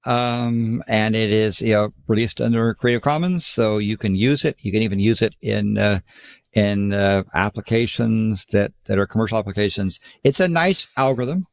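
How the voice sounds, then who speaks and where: A man's voice: on the low side, moderate pace, clear, resonant tone. Hesitant American man presenting code. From United States. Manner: hesitant, many fillers and restarts. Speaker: contest co-host. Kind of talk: casual presentation of contest entries.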